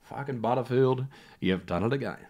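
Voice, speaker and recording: An Australian man with a mid-pitched voice hosts a solo comedy podcast from home. He rambles through stories, swears freely, and laughs at his own jokes. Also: normal speed, darkish tone, slight background noise. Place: home setup in self-isolation.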